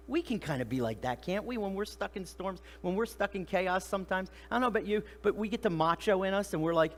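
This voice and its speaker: Middle-aged guy preaching in church, high voice, bounces all over, keeps asking the crowd stuff and acts out the characters. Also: fast, few pauses, long reverb tail, slight background noise. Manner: animated, acts out voices of the disciples and Jesus; conversational, asks the congregation rhetorical questions. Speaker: pastor. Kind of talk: sermon. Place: church sanctuary.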